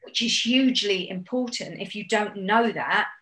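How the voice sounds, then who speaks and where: A woman speaking as a business coach guest, giving brisk, encouraging explanations. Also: mid-range voice, fairly bright tone. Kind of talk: casual interview chat. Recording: roomy echo.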